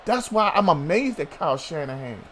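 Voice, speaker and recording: A man's voice: a little high, big pitch swings, moderate pace, a bit bright, a little hiss or hum. A man hosting a sports talk show, arguing heatedly with a co-host, swearing and calling him bruh.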